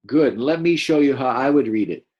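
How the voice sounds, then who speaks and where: A man teaching a first-grade class, reading a picture book aloud and gently encouraging the children to read along. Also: mid-range voice, expressive, normal speed, dull audio. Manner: gentle, encouraging, explains as he goes.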